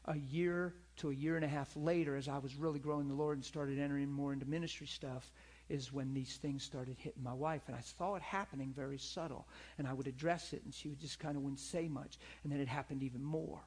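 A man with a mid-range, slightly mellow voice preaches a sermon woven with a personal story. He talks a bit quickly with fairly even intonation, sounding earnest and conversational and often inviting the listener's agreement.

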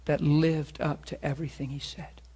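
A pastor preaching a sermon and telling personal stories in an earnest way, sometimes dropping soft and sometimes rising loud. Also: male voice, fairly high pitch, level tone, normal speed, husky. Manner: earnest storytelling, swings from soft confessional to loud emphatic.

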